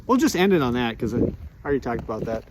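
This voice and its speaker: A man talks fast with big pitch swings in a medium-pitched voice as he vlogs on a rural outdoor walk. His walk-and-talk is a chatty, jokey ramble full of fillers, recorded with a noisy background.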